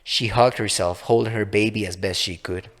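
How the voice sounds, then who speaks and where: Guy reading his dark short story, calm and even, reverby audio. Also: fairly low pitch, moderate pace. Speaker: author and reader. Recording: long reverb.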